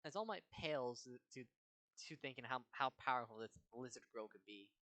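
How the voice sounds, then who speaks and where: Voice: medium pitch, expressive, brisk, bright, forceful tone. A person casually narrating a fan-fiction story in run-on chains, with some stammering restarts.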